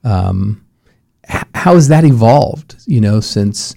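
A man's voice: fairly low pitch, lively intonation, takes it slowly, gravelly, warm tone, dry recording, clean studio sound. A man interviewing a guest, asking long, hesitant questions full of fillers. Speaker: interviewer, former chamber president. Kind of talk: interview conversation.

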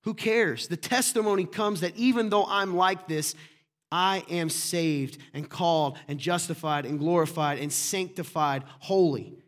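A man's voice: fairly high pitch, a little slow. Passionate man preaching a sermon. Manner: passionate, emphatic preaching with sudden loud bursts. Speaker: pastor.

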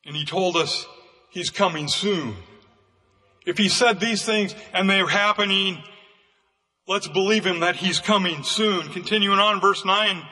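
A man preaching a fervent sermon as pastor, with bursts of raised, shouting emphasis. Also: high voice, a little slow, long reverb tail.

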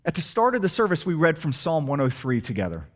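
A man preaching a sermon, asking the congregation rhetorical questions and swinging between soft and emphatic delivery. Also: a little high, fast talker. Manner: animated, rhetorical questions, shifting loud and soft. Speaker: pastor.

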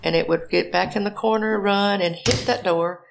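An older woman tells a story, her voice carrying a gravelly edge. She talks animatedly and acts out her own frantic calls for help. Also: medium pitch, steady tone, moderate pace, background noise. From Alabama, US. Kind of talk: personal storytelling.

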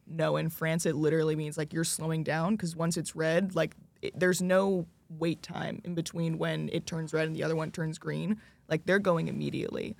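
A man's voice: a little high, little pitch movement, fairly quick, creaky, few pauses, dry recording. A young man, a French student from the United States, talking casually on a student panel, rambling and searching for examples with plenty of fillers.

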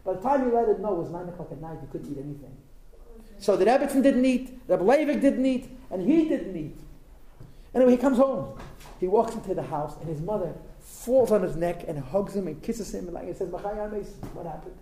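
A man's voice: high-pitched, lively intonation, brisk, mellow. A man telling a story in an informal religious talk, conversational and emphatic, with asides to his listeners. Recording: roomy echo with faint background.

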